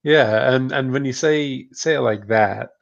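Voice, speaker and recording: A man co-hosting a casual book discussion podcast, chatty and relaxed, often tagging "right?" and laughing. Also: medium pitch, a little slow, vocal fry, dull audio. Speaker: podcast co-host, therapist.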